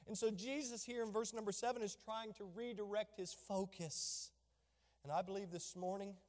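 A male pastor with a high-pitched voice delivers a sermon in a church hall. His voice rings out in long reverb as he swings from loud, emphatic proclamations to quiet, low asides. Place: church sanctuary.

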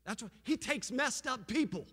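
Male pastor, impassioned sermon, high and bright voice, long hall reverb. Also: lively intonation, moderate pace, breathy edge. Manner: impassioned preaching, rising and falling intensity. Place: church with an online audience.

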